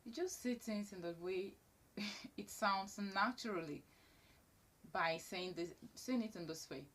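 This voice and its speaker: A woman's voice: mid-range voice, takes it slowly, a bit bright. A woman teaching elocution to camera, stressing key words and repeating her main points. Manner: emphatic, repeats key phrases. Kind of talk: instructional talk to camera.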